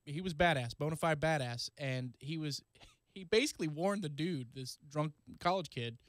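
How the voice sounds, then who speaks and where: A man's voice: fairly high pitch, moderate pace, no room sound. A man co-hosting a radio show in casual banter, wry and chatty as he trades stories. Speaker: radio co-host.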